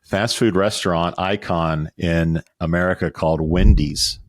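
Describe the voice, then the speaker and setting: Deep-voiced middle-aged podcast host. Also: male voice, fairly even intonation, measured pace, dry recording, studio quality. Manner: chatty, joking, reads promos and lists of names. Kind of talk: casual podcast chat.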